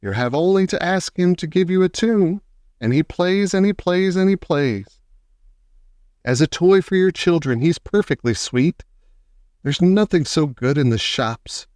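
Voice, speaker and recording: A man's voice: on the high side, animated, measured pace, dry recording, studio quality. A man reading aloud voices a friendly young boy who recites playful verses. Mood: reciting. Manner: bright, welcoming, sing-song verse.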